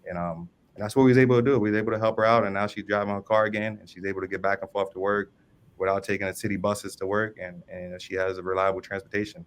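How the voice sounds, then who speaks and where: A man's voice: lowish voice, fairly even intonation, fast, slight background noise. A man on an industry panel, from New Orleans, telling a work story in a loose way with many ums and restarts. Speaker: service manager panelist.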